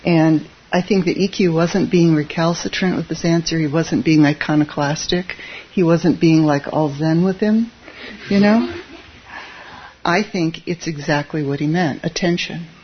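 A Zen teacher speaks at a middling pitch, easygoing and conversational, with occasional chuckles at their own asides. The recording is a little muffled and lo-fi, with a faint hiss underneath. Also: unhurried. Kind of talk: dharma talk.

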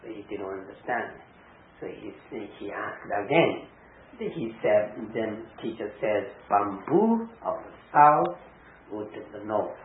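A man giving a Zen dharma talk on a koan, speaking, halting with many fillers and restarts. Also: fairly low pitch, animated, slight background noise. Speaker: Zen teacher. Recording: echoey room over a tinny phone-like line.

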